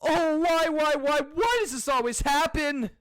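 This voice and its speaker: A man voicing an excitable, lovesick young man with a whiny, melodramatic manner while reading game dialogue aloud. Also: a little slow, slight background noise. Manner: whiny, melodramatic, high-pitched.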